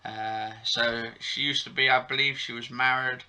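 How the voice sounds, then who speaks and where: A man's voice: medium pitch, flat delivery, normal speed, sharp tone, clean tone. A man vlogging casually to his channel, rambling with many fillers and self-corrections. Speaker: YouTube vlogger reviewing soap episodes. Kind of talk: casual chat to camera.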